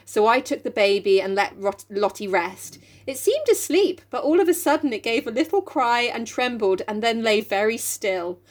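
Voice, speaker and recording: A woman's voice: fairly high pitch, animated, moderate pace, hardly any pauses. A woman co-hosting a casual book-club podcast. She reads passages aloud, then jokes about them and laughs often. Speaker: podcast co-host reading and discussing a novel.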